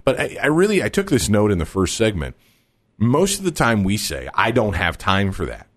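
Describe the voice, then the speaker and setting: A man's voice: on the low side, wildly swooping pitch, moderate pace. A man with a Texas accent hosting a radio talk show, talking in an emphatic, conversational way into a studio microphone.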